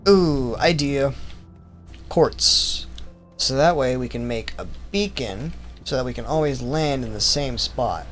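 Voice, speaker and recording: A man streaming a game, thinking aloud, rambling and correcting himself, teasingly calling his viewers his vamplings while he puts on an accent. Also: medium pitch. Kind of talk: casual gaming commentary.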